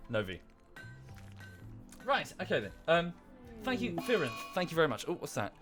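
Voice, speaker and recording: A man's voice: on the high side, huge pitch swings, normal speed, long pauses, fairly bright tone, faint music behind. Rambling male game streamer. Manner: rambling, self-correcting, talks to viewers and the game characters. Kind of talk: casual game-stream commentary. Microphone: desk microphone.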